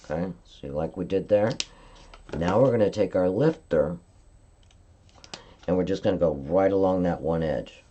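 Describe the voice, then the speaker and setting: Brief: woman craft demonstrator, low warm voice, chatty step-by-step coaching on a live stream. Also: normal speed, pauses often, highs cut off, a little hiss or hum. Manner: chatty step-by-step instruction, frequent "okay?" check-ins. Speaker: card-making demonstrator.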